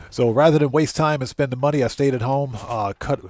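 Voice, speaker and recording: A man's voice: medium pitch, animated, moderate pace, darkish tone, soft background music. A man hosting a live gaming stream, chatting casually with viewers and laughing easily. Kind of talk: casual live-stream chat while playing.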